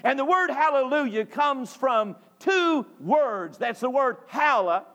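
A man from North Carolina, preaching a sermon emphatically, repeating phrases and rising to shouts. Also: extremely high pitch, animated, unhurried, dull audio. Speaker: pastor. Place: church sanctuary.

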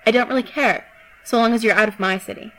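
A woman voicing a cold young woman who commands insects, delivering threats in a calm, level voice. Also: fairly high pitch, fast, lightly acted, rough recording. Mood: menacing.

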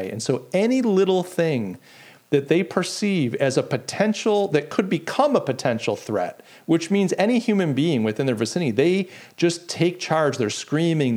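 A man hosting his own podcast, talking casually and reading out comments from a live chat. He tells stories with indignant energy and keeps restarting his sentences. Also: fairly high pitch. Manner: animated, indignant storytelling with lots of restarts. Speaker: podcast host.

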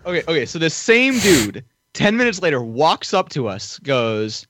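Co-host, male, high and very lively voice, jumps in to fill in details, dry sound. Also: normal speed, no echo. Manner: interjects, corrects details, very lively pitch. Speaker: podcast co-host. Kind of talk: casual storytelling chat.

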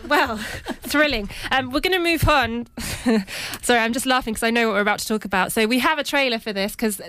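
Woman host, fairly high voice, amused, guides the chat. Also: fast, pushed and bright, clear, resonant tone. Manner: steering the talk, light and amused. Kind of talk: casual studio discussion.

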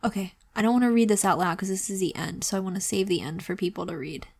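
A woman's voice: mid-range voice, fast talker, a little mellow, slightly rough. A woman co-hosting a podcast, reading erotica aloud and breaking into giggles and gasps as she chats. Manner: giggly, reacts with gasps and laughter. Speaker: podcast co-host.

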